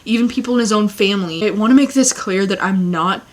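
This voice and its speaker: A woman's voice: mid-range voice, fast. A young woman giving a casual, blunt book review rant, swearing often and sounding exasperated. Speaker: book vlogger.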